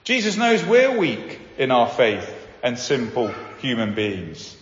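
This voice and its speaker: A man preaching a sermon, animated and acting out the voices of the people he quotes. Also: mid-range voice, slow pace, slight background noise. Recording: echoey hall, dull sound.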